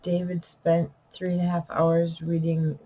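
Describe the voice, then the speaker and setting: In a lowish, warm but monotone voice at a measured pace, a middle-aged woman, vlogger and self-published poet, chats to camera in an unedited vlog. Rambling with fillers and self-corrections that trail off, she wheezes and coughs slightly, recorded at low quality.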